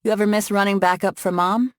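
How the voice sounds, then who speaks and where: A woman voicing a sharp, practical young heroine in an audiobook, speaking dry and matter-of-fact. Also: mid-range voice, fairly even intonation, fairly quick, no echo, lightly acted.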